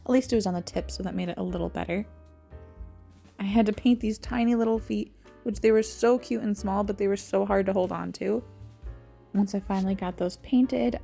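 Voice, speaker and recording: A woman vlogger talks through a craft project in a relaxed, chatty voice-over, poking fun at herself. Her voice has a gravelly edge and a dark, mellow tone. Soft music plays faintly underneath. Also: mid-range voice. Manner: chatty and self-mocking, with little laughs.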